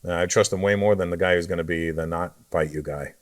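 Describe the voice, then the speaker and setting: Fast-talking low-voiced man telling stories. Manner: relaxed storyteller, dry jokes. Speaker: comedian guest. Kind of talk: casual interview chat.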